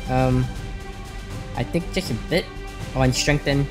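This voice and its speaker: A man hosts a let's play, reading story text and commenting casually on his choices. He hesitates often and fills pauses with ums. Faint music plays under his voice. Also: medium pitch.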